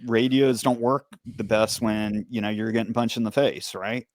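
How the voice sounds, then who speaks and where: A man hosting a true-crime podcast interview, asking steady questions and recounting his side of events. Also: on the low side, normal speed, no room sound, studio quality. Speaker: podcast host, former police officer. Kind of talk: conversational interview.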